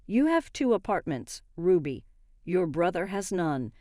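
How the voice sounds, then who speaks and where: A woman's voice: fairly low pitch, sing-song, unhurried, dark tone, no room sound, studio quality. A woman voicing a middle-aged mother who brushes off complaints in a firm, dismissive way.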